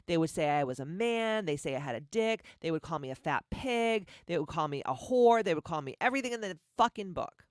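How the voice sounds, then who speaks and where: A woman with a deep voice hosting a motivational podcast, blunt, profane and confrontational, firing off repeated rhetorical questions. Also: animated, brisk, few pauses, no room sound, clean studio sound. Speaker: podcast host.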